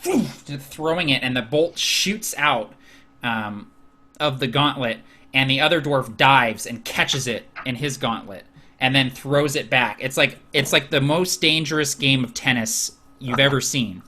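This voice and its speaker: A man running a tabletop game as game master, narrating casually with lots of fillers. His voice is bright and mid-pitched. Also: unhurried.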